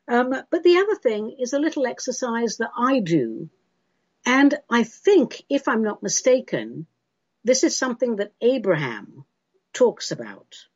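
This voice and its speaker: A British woman hosts a spiritual call-in show, answering listener questions in a chatty, theatrical way and calling people love and darling. Her voice is husky and breathy. The recording sounds dull and muffled. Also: medium pitch, darkish tone, dry recording.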